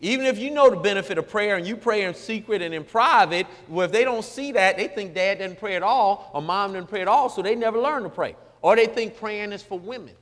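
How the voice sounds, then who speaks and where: Folksy high-voiced preacher man. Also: a little fast, hardly any pauses, fairly bright tone, big-room sound. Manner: folksy, joking, emphatic, mocks formal prayer. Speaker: pastor. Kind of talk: sermon-style radio talk.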